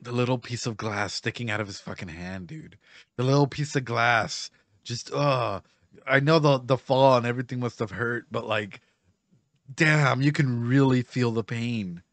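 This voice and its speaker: A man's voice: medium pitch, moderate pace, a bit bright, dry recording. A man giving casual reaction commentary as a streamer, emotional, laughing often and swearing.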